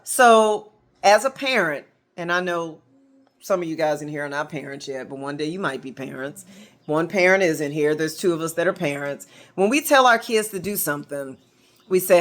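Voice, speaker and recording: An American woman giving an informal Bible teaching to a small group at home, animated, acting out quotes as she talks to the room. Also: low voice, moderate pace. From United States.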